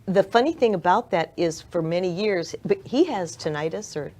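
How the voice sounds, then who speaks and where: A woman hosting an interview show, chatty and quick to agree with her guest. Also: fairly low pitch, expressive, warm tone. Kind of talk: casual interview chat.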